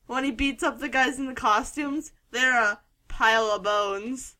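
A woman's voice: high voice, a little slow, sharp tone. A woman joining a casual film chat, giggly and eager to share her jokes.

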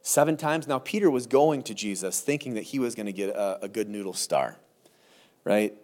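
A pastor preaches through a Bible chapter in an easygoing, conversational way. His voice sits at an ordinary male pitch, and he livens his points with mock quotes and playful asides. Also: sing-song, normal speed, a little mellow. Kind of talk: verse-by-verse sermon.

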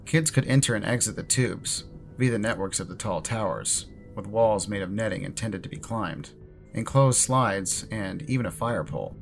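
A low-pitched man reads a horror story in the first person. His delivery is measured and ominous, with faint music underneath. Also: creaky. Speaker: narrator. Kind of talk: scripted horror narration.

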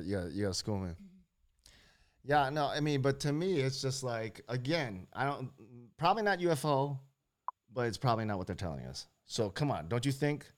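Joking, profane male talk-show host. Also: medium pitch. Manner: loose, joking and profane, laughs often. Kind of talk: casual chat.

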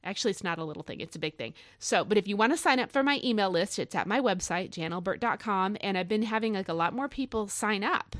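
A middle-aged woman hosting a devotional podcast, chatting casually and telling a story in an animated way with many fillers. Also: medium pitch, fast talker, hardly any pauses, no room sound, studio quality. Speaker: podcast host.

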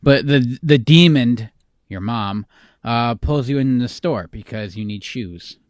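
A man's voice: mid-range voice, unhurried, no room sound. A man co-hosting a podcast, rambling in a nostalgic, jokey way with many fillers. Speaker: podcast co-host. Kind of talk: casual chat.

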